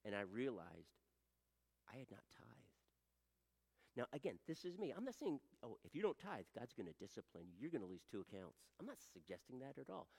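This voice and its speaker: A middle-aged man preaching a sermon as pastor, animated and swinging from quiet asides to loud emphatic pleading. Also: mid-range voice, gravelly. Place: church sanctuary. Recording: long hall reverb.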